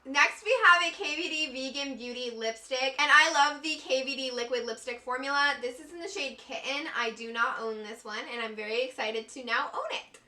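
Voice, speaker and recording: A woman's voice: sits high, moderate pace, hardly any pauses, pushed and bright, distant mic. A young woman beauty vlogger gushing through a makeup unboxing. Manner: gushing, effusive, giggly. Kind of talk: excited unboxing vlog. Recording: echoey room, a bit off-mic.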